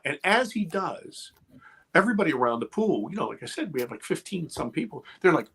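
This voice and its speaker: A man in his fifties, a podcast guest and producer, telling an intense personal story with swearing and animated retelling. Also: medium pitch, fast, husky. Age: 50s. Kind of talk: emotional storytelling in conversation.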